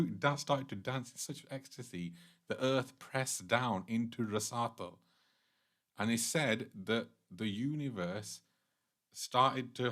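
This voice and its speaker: A man giving a casual devotional class, telling a sacred story in a conversational way with light laughs and animated asides. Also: medium pitch. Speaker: temple class speaker.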